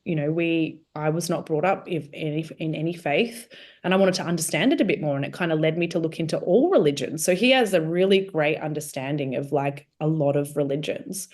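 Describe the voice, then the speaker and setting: Low-voiced woman telling her story. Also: fairly quick. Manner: animated, acts out quoted dialogue. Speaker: guest sharing her testimony. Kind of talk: casual conversational storytelling.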